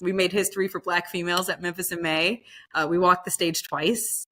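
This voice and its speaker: A woman who is a barbecue pitmaster, telling stories in a casual, lively way in a podcast interview and acting out the voices of others. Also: lowish voice, fairly quick. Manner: lively storyteller, acts out quoted voices; casual, fillers like "like" and "you know".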